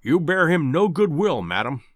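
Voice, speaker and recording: A man reading aloud and voicing a brisk, commanding male detective with a decisive manner. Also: fairly high pitch, sing-song, no room sound, clean studio sound. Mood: stern. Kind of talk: audiobook character voice.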